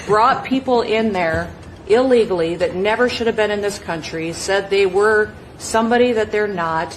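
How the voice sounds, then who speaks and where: A woman's voice: mid-range voice, rough recording. Blunt woman official, faint noise. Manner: blunt, laughing asides. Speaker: government official. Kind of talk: reporting at a meeting.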